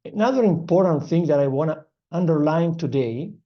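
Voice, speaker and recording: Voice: medium pitch, expressive, muffled recording. Earnest speaker with an Italian accent. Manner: earnest, in short phrases with filler pauses. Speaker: English-learning channel host. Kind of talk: motivational language lesson.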